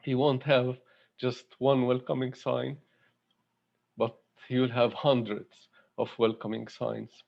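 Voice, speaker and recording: A man speaks at an online devotional gathering, drawing out his words slowly and haltingly. His tone is heartfelt, with frequent pauses and fillers. The sound is dull and lo-fi, like audio from a video call. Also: medium pitch, little pitch movement, vocal fry. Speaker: satsang speaker. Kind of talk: devotional talk.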